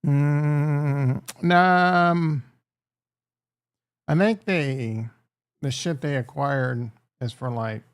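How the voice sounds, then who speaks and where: Gravelly, rambling man. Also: medium pitch, lively intonation, slow pace, dry recording, clean studio sound. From Upper Midwest. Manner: rambling, crude, joking with chat. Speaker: livestream host. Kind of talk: casual livestream chat.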